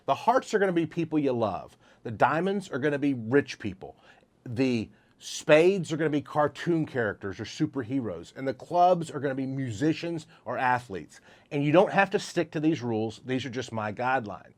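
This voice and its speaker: A man's voice: medium pitch, lively intonation, normal speed. Upbeat man teaching a memory technique. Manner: upbeat, walks through examples step by step. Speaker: memory trainer. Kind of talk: instructional explainer.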